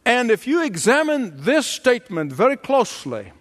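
A man preaching a sermon as pastor in a church, deliberate and emphatic, building his points through repeated phrases. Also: extremely high pitch, sing-song, in a large hall.

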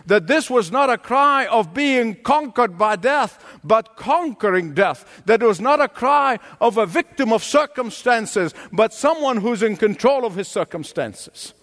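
A man preaching a sermon as pastor in a church, deliberate and emphatic, building his points through repeated phrases. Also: extremely high pitch, animated, a bit bright, in a large hall.

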